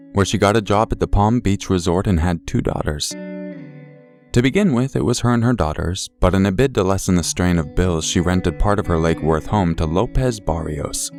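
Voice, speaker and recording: A man with a very low, deep voice tells a true crime story in a steady, somber scripted narration. He paces each grim detail with care, as the show's host. Faint guitar music plays softly underneath.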